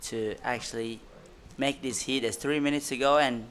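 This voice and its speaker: A man commentating live on a surf contest, excitable, in loose, broken phrasing. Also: mid-range voice, normal speed, a little hiss or hum.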